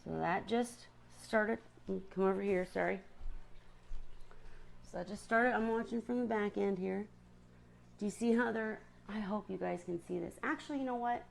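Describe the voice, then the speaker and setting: A woman's voice: medium pitch, normal speed, vocal fry, a little hiss or hum. A woman chatting casually to viewers on a live stream about her seahorses, often stopping to apologize.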